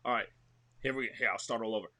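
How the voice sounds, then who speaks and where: A man, an actor talking excitedly in a remote interview, full of "you know what I mean". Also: medium pitch, fast. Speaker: actor and show host, guest. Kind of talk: animated conversational interview.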